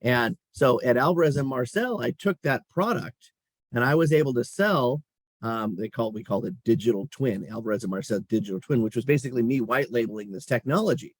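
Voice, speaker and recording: Talking briskly in a medium-pitched voice, a middle-aged company chief executive tells casual interview stories from his career, animated and chuckling throughout. The recording is dry.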